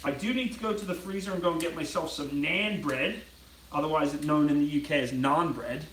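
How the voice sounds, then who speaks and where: A man's voice: fairly high pitch, brisk, fairly bright tone, far from the mic, a little hiss or hum. Chatty British man in an echoey kitchen. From Britain. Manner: rambling, chatty, reads viewer comments aloud. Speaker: cooking livestreamer. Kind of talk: casual livestream chat while cooking. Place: home kitchen.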